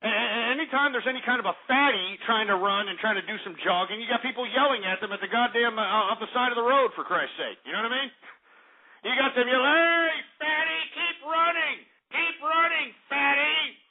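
A man hosts a call-in radio show and rants at his listeners, exasperated and profane, circling back on the same complaints. His voice sits high and sounds breathy and rough. The audio is narrow and tinny, like a phone line. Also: fast talker. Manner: profane, exasperated ranting with repeated fillers. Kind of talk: ranting talk radio monologue.

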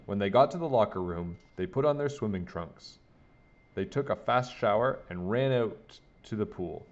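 A man reading a children's picture book aloud in a lively, sing-song way. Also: fairly low pitch, moderate pace. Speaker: storybook reader. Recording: dull lo-fi recording.

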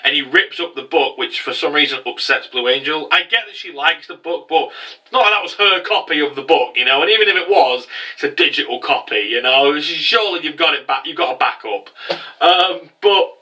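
A man talks through an anime episode in a loose, excitable ramble, tossing in mocking little impressions. His voice is very bright and sharp, sitting a touch high. He sounds set back a little from the microphone. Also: brisk, recorded from a distance, rough recording. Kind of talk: casual spoken recap.

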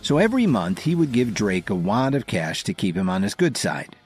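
A man narrating a dramatic audio story in a scripted, expressive manner. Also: fairly low pitch, a little fast, soft background music.

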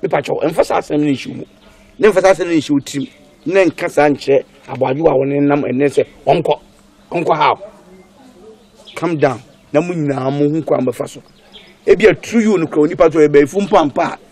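A man's voice: a little high, fairly quick, darkish tone, close to an everyday voice. An actor playing a stern man who lectures his family in a film drama. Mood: lecturing.

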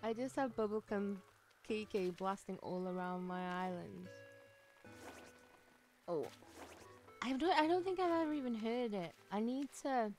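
Over faint game music, a woman livestreams a game and chats casually, bubbly and effusive with her thanks. Her medium-pitched voice is expressive and darkish, a little slow, with many pauses, and she gasps and giggles often.

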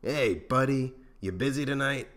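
A man's voice: mid-range voice, unhurried, fairly bright tone, voice pushed up, close to an everyday voice. A man voicing a stubborn, sarcastic middle-aged smuggler in a fan audiobook reading. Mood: restless. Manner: sarcastic, grumbling.

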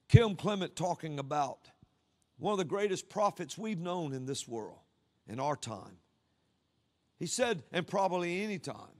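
A man preaching a sermon, swinging from loud cries down to low murmurs.

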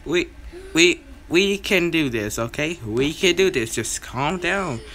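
A gamer doing let's-play commentary, often screaming in panic and yelling at a teammate. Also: medium pitch, lively intonation, slow.

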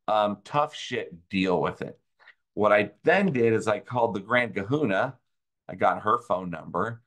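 A man with a fairly low voice explains an audit dispute in an angry rant. He is sarcastic and hammers his points home by repeating them. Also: fairly bright tone. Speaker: tax consultant host. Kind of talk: ranting explainer video.

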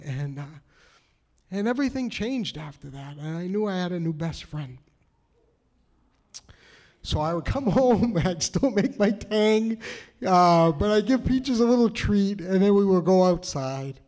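A man tells a story live on a stage, his voice sitting a little high for a man. He is animated and self-mocking and keeps laughing as he goes. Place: stage in a cultural center.

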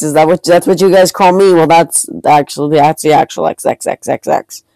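A man's voice: a little high, steady tone, moderate pace, creaky, hardly any pauses, warm tone, no room sound, rough recording. A man giving casual gameplay commentary, frustrated, swearing and ranting at other players. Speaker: gamer recording his play.

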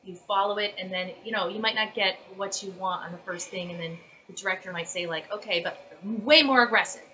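A woman voice actress chatting casually as an interview guest, animated and full of fillers and restarts. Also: on the low side, brisk, poor audio.

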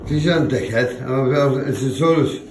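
A man's voice: mid-range voice, normal speed, echoey room, background noise. A man, teasing his mate over and over in casual banter, filming on a phone. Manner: teasing, mocking, repeats himself. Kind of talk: casual banter among mates. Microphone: phone camera.

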